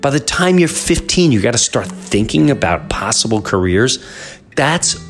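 A man's voice: medium pitch, very animated, moderate pace, soft background music. A middle-aged man hosting a podcast, talking through an impassioned, preachy solo monologue. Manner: impassioned, preachy rant with emphatic swings. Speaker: podcast host.

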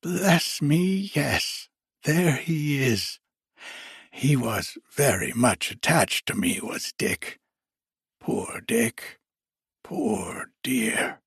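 A man voicing an old, miserly man who speaks in a breathy half-whisper in a storybook reading. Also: medium pitch, expressive, extremely slow, fairly bright tone, dry recording, studio quality, heavily acted. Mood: fond.

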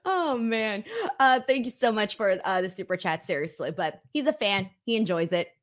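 A woman's voice: medium pitch, lively intonation, normal speed. A woman hosting a casual show, chatty and earnest, laughing often as she tells stories. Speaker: podcast host. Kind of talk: casual chat.

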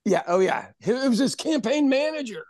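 A man of about sixty co-hosting a podcast, telling stories in an animated, casual way and laughing often. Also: very high voice, normal speed, no room sound, clean studio sound. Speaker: podcast co-host, pub owner. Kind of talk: casual chat.

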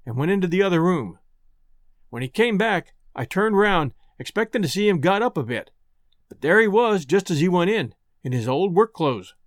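A man's voice: high voice, dry recording, studio quality. A man narrating a story in the first person with a folksy, rustic way of talking.

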